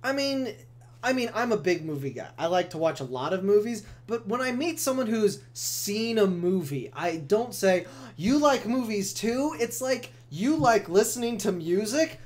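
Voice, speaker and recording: A man's voice: high-pitched, sing-song. A man streaming live, reading a manga aloud and breaking off into sarcastic, ranting commentary. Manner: ranting, sarcastic, quick to joke.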